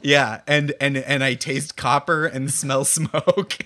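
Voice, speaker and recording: A man co-hosting a casual political chat with a bright, sharp-edged voice. He riffs wryly and self-deprecatingly. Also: mid-range voice, steady tone, takes it slowly. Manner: wry, self-deprecating joking. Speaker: podcast co-host.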